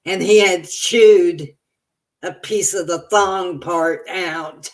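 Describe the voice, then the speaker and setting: Casting: woman tarot reader on a livestream, slow and unhurried, chatty, answers viewer comments and wanders into stories. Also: on the low side. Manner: slow, meandering storytelling. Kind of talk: casual livestream chat.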